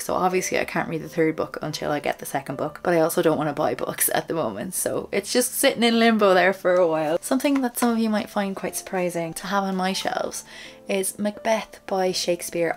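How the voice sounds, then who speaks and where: A book vlogger walks viewers around her shelves in a relaxed, talkative tour, her fairly low voice carrying vocal fry. She makes light of herself and now and then lowers to a soft whisper.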